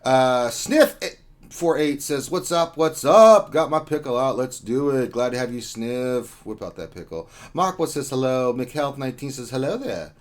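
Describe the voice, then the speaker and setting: A man's voice: mid-range voice, normal speed. A man hosting a casual gaming livestream, reading out chat greetings in a joking, rambling way with lots of fillers. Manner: joking, rambling, with many ums and uhs. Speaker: livestream host.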